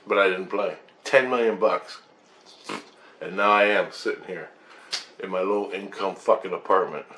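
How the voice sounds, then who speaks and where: Man in a casual rambling monologue. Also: low-pitched. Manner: animated, swearing, quoting others in changing voices. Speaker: vlogger sharing spiritual experiences. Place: low-income apartment.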